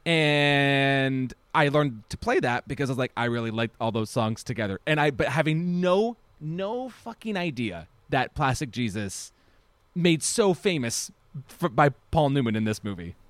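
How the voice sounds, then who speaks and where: A man's voice: a little high, lively intonation, a little slow, fairly bright tone, no echo. A man co-hosting a podcast, chatting casually about a film in a rambling, enthusiastic way with many restarts. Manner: rambling, self-correcting, enthusiastic. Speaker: podcast co-host.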